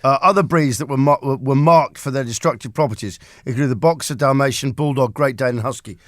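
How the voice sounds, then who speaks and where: An English radio host with a medium-pitched voice talks fairly quickly in a radio studio, bantering casually and telling stories. He's animated and laughs a lot, doing voices in his anecdotes.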